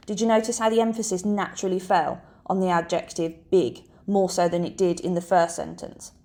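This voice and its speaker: A woman teacher narrating a scripted lesson in a clear, measured, explanatory way. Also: lowish voice, darkish tone.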